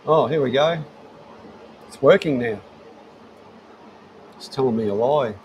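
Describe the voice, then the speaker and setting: A middle-aged Australian man talks at an ordinary medium pitch, rambling easily through an impromptu livestream from his home shed. He chats to his viewers while he fiddles with his gear, full of fillers and restarts. A faint background hum sits behind him. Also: a little slow, a little mellow, low-quality recording. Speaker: livestream host. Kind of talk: casual live-stream chat.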